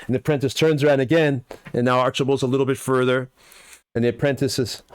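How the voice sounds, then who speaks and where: A man's voice: mid-range voice, fairly even intonation, fast, clear, resonant tone. A man narrating a tabletop game as game master, rambling with lots of fillers.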